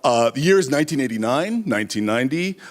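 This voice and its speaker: A middle-aged man telling a live story on stage, animated, acting out shouted quotes. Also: medium pitch, fast.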